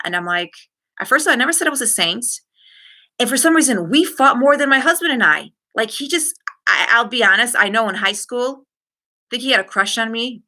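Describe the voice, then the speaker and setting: Bright-voiced frank woman streaming live. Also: mid-range voice. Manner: frank, animated storytelling with direct asides to viewers. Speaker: live-stream host answering viewers. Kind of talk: candid live-stream talk.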